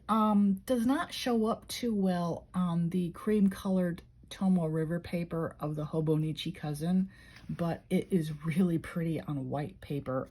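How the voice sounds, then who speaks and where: A woman's voice: on the low side, warm tone, husky. An older woman from Illinois chatting casually and emotionally as she flips through her journal. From Illinois, USA. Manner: rambling, emotional, conversational. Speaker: journaling vlogger.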